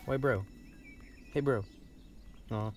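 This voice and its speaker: A man's voice: medium pitch, takes it slowly. A man in casual gameplay commentary, chatty and rambling, laughing often at home. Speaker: gaming channel host. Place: indoors at home, bunk bed. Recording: loud background noise.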